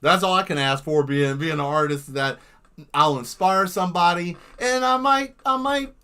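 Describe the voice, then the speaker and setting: A man talks casually while he draws on a live stream, rambling from one wild idea to the next. His voice sits a little high, and he tells his stories with animated energy. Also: normal speed, smooth. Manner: rambling, animated storytelling that jumps into silly voices. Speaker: livestream artist.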